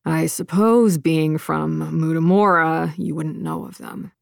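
A woman voicing a gruff, weary mountain guide. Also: on the high side, slow, dry recording, clean studio sound, heavily acted. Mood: grave. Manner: blunt, dismissive.

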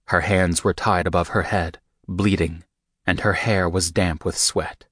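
A man giving a measured, steady first-person audiobook narration. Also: sits low, dry recording, clean studio sound.

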